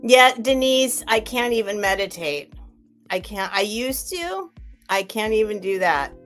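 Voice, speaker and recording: A middle-aged woman talks casually to her live-stream audience, rambling and candid, answering commenters by name. Her voice sits at a middle pitch, and faint music plays softly in the background. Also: animated, measured pace. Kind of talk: casual chat with live chat viewers.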